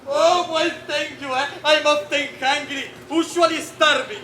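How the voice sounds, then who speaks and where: Man as a comic hungry servant, put-on Italian accent, high bright voice, boastful, stage echo. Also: steady tone, unhurried, a little hiss or hum, full character voice. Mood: eager. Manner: playful, boastful, clowning. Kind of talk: live stage comedy acting. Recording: echoey stage recording with audience.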